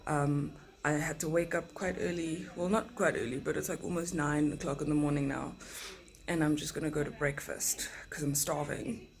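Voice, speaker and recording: A woman's voice: deep voice, normal speed. South African woman telling a travel story. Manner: animated, acts out passengers' lines in quotes. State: tired, speaking softly in the morning. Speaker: flight attendant vlogger. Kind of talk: casual storytelling vlog.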